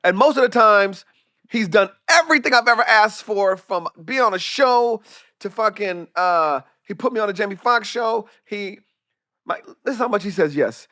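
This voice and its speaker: A comedian and director telling lively, profane anecdotes in a casual podcast chat, acting out the voices of the people in his stories. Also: high voice, normal speed, dry recording, clean studio sound. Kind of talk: animated storytelling in casual chat.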